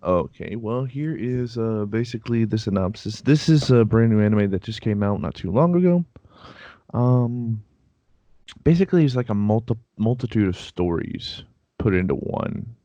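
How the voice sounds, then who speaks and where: A man's voice: lowish voice, lively intonation, moderate pace, mellow, no echo, muffled recording. A man co-hosting a casual anime chat, talking in a chatty, defensive way and laughing easily. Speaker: podcast co-host.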